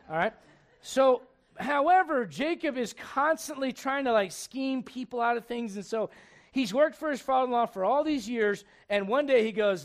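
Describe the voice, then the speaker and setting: A man preaching a sermon, telling a Bible story in a lively, conversational way, acting out the characters and asking his listeners questions. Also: very high-pitched, moderate pace. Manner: animated storytelling, acts out characters, asks the crowd questions. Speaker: pastor.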